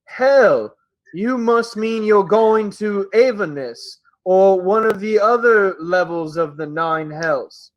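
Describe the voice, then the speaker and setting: A man voicing a shy, gentle male ogre who reads books and speaks slowly and politely. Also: high-pitched, animated, muffled recording, voice pushed up. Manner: slow, polite, soft-spoken.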